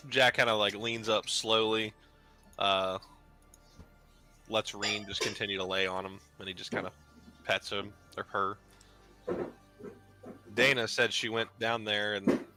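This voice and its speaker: A man's voice: on the low side, sharp tone. A man playing a tabletop game, describing his character's actions in an easygoing way. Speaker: player. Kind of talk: casual tabletop game chat.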